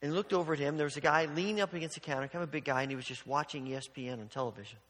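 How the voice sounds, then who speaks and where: A man's voice: fairly high pitch, very fast. Earnest preacher man in a reverberant hall. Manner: earnest, repeats words when restarting, drops to quiet near-whispers for emphasis. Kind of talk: sermon.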